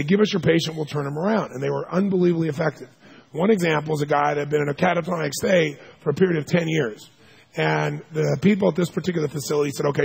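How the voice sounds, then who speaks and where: A man giving a seminar talk, telling stories in an animated way and acting out the people he quotes, sometimes with sudden loud shouts. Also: fairly high pitch, vocal fry, breathy edge. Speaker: seminar speaker. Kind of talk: storytelling lecture.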